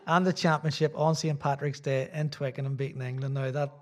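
A man's voice: medium pitch, flat delivery, fairly quick, slight background noise. A middle-aged Irish man, a visiting preacher, giving a sermon in a church with rambling, self-deprecating asides. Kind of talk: sermon with casual chat.

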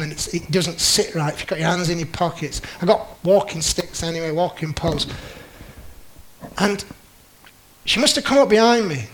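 A man's voice: a little high, a bit bright, rough recording. A man telling a personal story in a talk, chatty and self-mocking, acting out what others said. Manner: chatty, self-mocking, acts out quoted lines. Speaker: speaker giving a talk with slides.

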